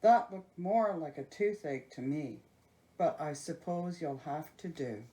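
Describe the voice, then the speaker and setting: Storybook casting: woman playing a greedy grumpy giant, low and gruff, slow and booming. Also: animated, dark tone.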